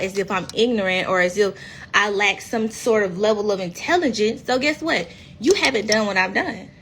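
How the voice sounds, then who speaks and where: A reality TV cast member in her thirties talks casually and bluntly on a phone live stream, swearing freely. She acts out quoted speech in lively voices, and her voice runs on the high side over a little hiss or hum.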